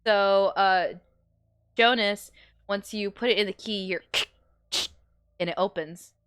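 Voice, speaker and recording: Woman game master, relaxed chatty narration, dry close sound. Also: medium pitch, takes it slowly, clear, resonant tone, no echo. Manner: casual, laughing often.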